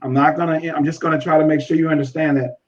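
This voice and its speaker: A man's voice: fairly high pitch, fairly even intonation, quick pace, lo-fi sound. A man speaking earnestly as a podcast guest, repeating phrases for emphasis and acting out conversations.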